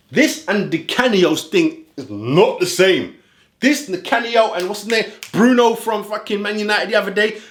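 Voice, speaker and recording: Ranting man, lively high voice. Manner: animated, ranting, street slang. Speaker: football fan vlogger reacting to a clip. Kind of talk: heated reaction commentary. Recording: roomy echo.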